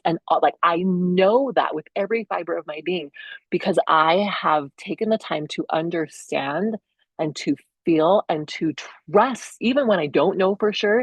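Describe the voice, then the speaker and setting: A chatty middle-aged woman talks through her own podcast in a low voice, recorded dry and close over a video call. She laughs often and leaps up in pitch whenever she acts out someone else. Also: dry recording. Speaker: podcast host. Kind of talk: casual solo podcast monologue.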